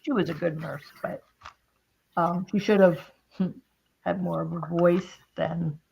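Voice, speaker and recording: A woman's voice: fairly low pitch, fairly even intonation, unhurried, gravelly, husky, muffled recording. Chatty woman telling a long story. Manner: storytelling, quoting others, frequent laughs. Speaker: craft stream host. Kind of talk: casual chat.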